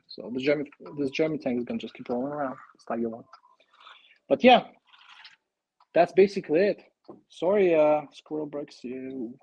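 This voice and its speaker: A man chats casually to his live-stream viewers while building, thinking aloud and getting excited as he goes. His voice is gravelly and a bit husky, at a middling pitch. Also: muffled recording. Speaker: live-stream host building a toy kit.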